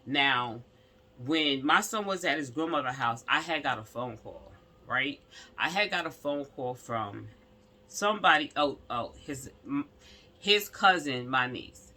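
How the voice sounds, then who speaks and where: Husky, lively woman telling a story. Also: rumbling low, unhurried. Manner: emphatic, rambling, lots of asides to the audience. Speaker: vlogger telling a personal story. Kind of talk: casual storytelling to viewers.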